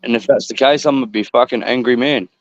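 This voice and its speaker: A man's voice: medium pitch, quick pace. Tired, swearing Australian man. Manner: blunt, heavy swearing, grumbling. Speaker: stream host. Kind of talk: casual live-stream chat. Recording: muffled lo-fi audio.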